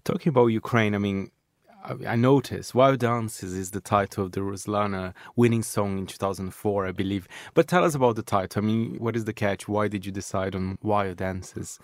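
A male podcast host who asks his guest questions in a warm, enthusiastic way. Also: fairly low pitch, quick pace, no echo. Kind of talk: interview conversation.

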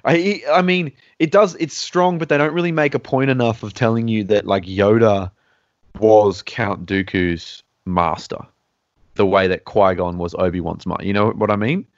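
Man, podcast host, casual rambling chat, low voice, dry room. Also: fairly even intonation, normal speed, no room sound, muffled recording. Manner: rambling, restarts often while he thinks aloud.

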